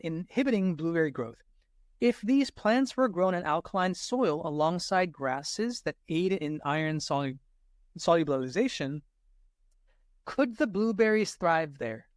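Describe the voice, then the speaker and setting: A man's voice: fairly high pitch, no room sound, clean studio sound. A man tutoring through a test-prep lesson, checking in with "right?" after most points and restarting words as he explains. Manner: says "right?" often, restarts mid-word. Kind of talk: walkthrough lesson.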